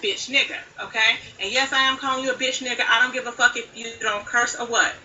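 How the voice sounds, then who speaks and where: Angry woman streamer scolding hard, cursing every line; bright, distant recording with faint noise. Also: on the high side, fairly even intonation, fast, dull audio. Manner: heavy cursing, confrontational, scolding. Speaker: livestreamer. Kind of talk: angry livestream rant. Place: played back from another live stream. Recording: bright clip with background noise, far from mic.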